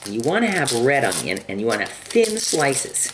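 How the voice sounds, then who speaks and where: A woman giving a casual cooking demonstration in her home kitchen, chatting and clearing her throat often. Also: extremely low pitch, very animated, normal speed. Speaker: home cook demonstrating a recipe. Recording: home video with kitchen noise. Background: chopping, dishes and cutlery clatter.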